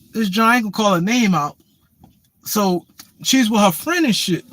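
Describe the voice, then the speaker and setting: A man spins a loose, profane story in casual chat. His voice sits fairly high for a man. He keeps restarting sentences and tossing in "you know what I'm saying.". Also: a bit bright.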